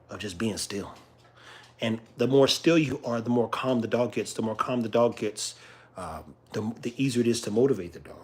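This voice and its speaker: A man's voice: lowish voice, darkish tone, breathy edge. Laid-back man chatting to viewers about his dogs. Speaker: dog owner streaming live. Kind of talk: casual live-stream chat.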